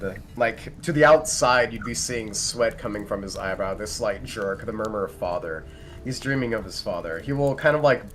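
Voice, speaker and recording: A man's voice: mid-range voice, a bit bright. A man describing his character's actions in a tabletop game, rambling with many fillers. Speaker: player.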